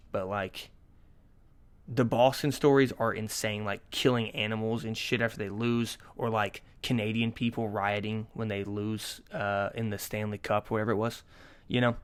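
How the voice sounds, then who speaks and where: A man in his twenties hosting a casual solo podcast, rambling through jokey, profane stories with sudden bursts of energy. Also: medium pitch. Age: 20s. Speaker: podcast host.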